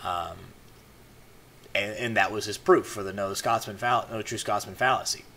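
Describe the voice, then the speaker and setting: Rambling man with a bright voice. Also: on the low side, steady tone, moderate pace. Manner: rambling, many fillers and restarts. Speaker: video blogger. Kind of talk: casual monologue commentary.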